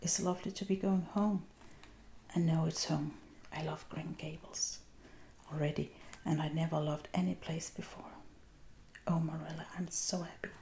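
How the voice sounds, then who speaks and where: A woman with a Danish accent voicing an excitable, talkative orphan girl in a soft, whispered role-play. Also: deep voice, moderate pace, vocal fry, slight background noise. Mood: happy.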